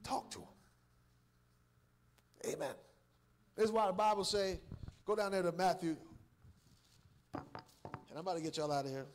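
Man, revival preacher, high-pitched for a man, emphatic, repeats himself, chuckles between points. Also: normal speed, long pauses. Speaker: guest preacher, church elder. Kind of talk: revival sermon with call-and-response.

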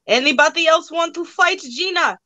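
A woman's voice: extremely high pitch, moderate pace, bright, forceful tone, no room sound, poor audio. A young woman hosting a live online auction, joking around in a put-on broken-English accent. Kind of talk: live sale chat.

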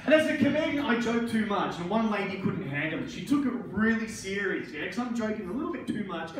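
Aussie guy doing stand-up in a pub, high voice, way echoey and off-mic, crowd laughing. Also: lively intonation, a little fast, far from the mic. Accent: Australian. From Australia. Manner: laughs at his own jokes, crude and chatty. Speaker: stand-up comedian. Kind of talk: stand-up comedy set. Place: small pub open mic stage, indoors. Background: crowd laughter and chatter.

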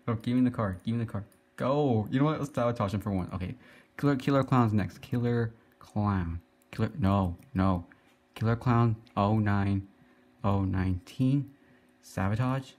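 A young man giving excitable, giggly play-by-play commentary as he teases other players in an online game. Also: on the low side. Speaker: gaming YouTuber. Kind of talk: casual Let's Play commentary.

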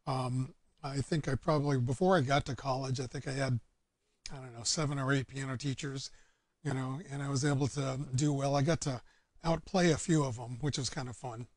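A man's voice: medium pitch, fairly even intonation, brisk, no room sound. Guy rambling about music, lots of ums, dry close sound. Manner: easygoing, rambling with many fillers. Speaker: guest musician. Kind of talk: casual interview chat.

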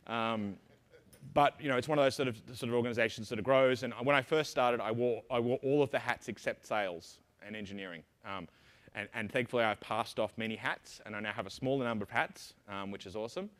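Australian man, middle-aged, rapid-fire rambling keynote speaker. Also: mid-range voice, a bit bright. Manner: rapid, rambling, lots of ums and self-interruptions. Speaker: conference speaker. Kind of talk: conference keynote talk. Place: conference hall stage.

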